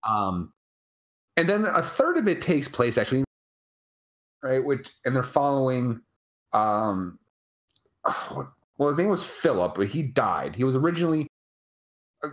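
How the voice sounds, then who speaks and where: A podcast co-host in casual live chat, rambling and animated, swearing freely over a remote call mic. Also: mid-range voice, measured pace, pauses often.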